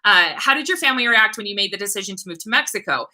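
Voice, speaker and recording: A woman's voice: mid-range voice, animated, racing, bright, forceful tone, low-quality recording. A woman from the United States hosting a casual livestream Q&A, chatty, thanking viewers and reading comments aloud.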